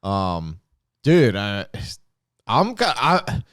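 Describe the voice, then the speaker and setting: Profane, excitable man hosting a podcast. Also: fairly low pitch, drawn-out words, no echo, clean studio sound. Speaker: podcast host. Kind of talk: casual podcast chat.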